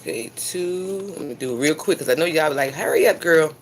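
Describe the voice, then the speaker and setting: With a deep, brisk voice and a little hiss or hum in the audio, a woman cooks breakfast live at home for her stream. She chats casually as a cooking vlogger, talking directly to the people watching.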